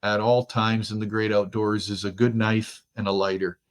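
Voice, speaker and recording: A man's voice: on the low side, little pitch movement, normal speed. Easygoing middle-aged man telling stories. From Germany. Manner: easygoing, chatty storyteller who laughs easily. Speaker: guest, outdoors expert. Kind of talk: casual interview chat.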